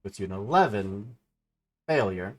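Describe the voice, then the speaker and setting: A game master with a lowish, expressive voice announces rolls and damage plainly, speaking a little slowly as he handles the rules of the tabletop session.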